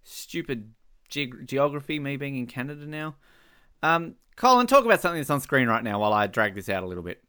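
A man co-hosting a podcast, giving a joking, animated commentary on a film and laughing often. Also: medium pitch, a little fast, clear, resonant tone. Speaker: podcast co-host. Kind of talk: casual film commentary chat.

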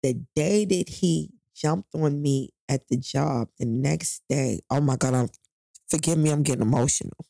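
Candid and profane, a middle-aged New York woman recounts a painful personal story in an interview and acts out the other people in it. The recording is dry and clean, studio quality, and her low, mellow voice has vocal fry and moves at normal speed.

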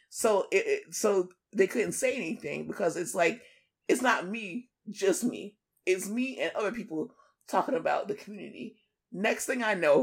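A woman co-hosting a podcast in casual chat, telling a story in an animated, profane way and acting out the other people in it. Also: medium pitch, normal speed, creaky, slightly rough. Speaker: podcast co-host.

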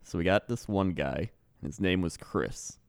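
Smooth-voiced male podcast co-host, rambling storyteller, dry close mic. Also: sits low, a little slow, no room sound. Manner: rambling, chuckling, loose. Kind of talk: casual storytelling chat.

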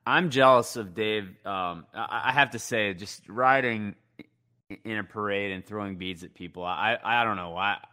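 A man's voice: fairly low pitch, normal speed, bright, forceful tone. A man, co-hosting a podcast in a reflective, easygoing chat. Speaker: podcast co-host. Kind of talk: casual chat.

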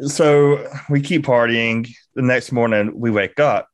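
A man's voice: mid-range voice, unhurried, no room sound. A young man from Georgia co-hosting a podcast, telling a crude story with lots of laughter. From Georgia, USA. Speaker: podcast co-host. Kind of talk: casual podcast banter.

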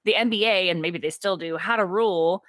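A woman co-hosting a podcast, animatedly retelling a film's plot in casual chat and slipping into quick voiced quotes of the characters. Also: on the low side, fairly bright tone, dry recording, studio quality. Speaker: podcast co-host. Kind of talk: casual movie recap chat.

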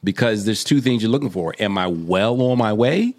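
A man's voice: on the low side, expressive, moderate pace, darkish tone. A man co-hosting a podcast, talking casually and motivationally with jokes and bursts of animation. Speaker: podcast co-host.

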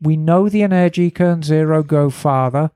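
A woman's voice: low voice, moderate pace, dark tone, smooth, dry recording. A woman co-host of a motorcycle podcast reads a listener email aloud in a garage studio. The sound is close and dry, with no room around her voice. She stays conversational and slips in wry side comments. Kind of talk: casual motorcycle podcast chat.

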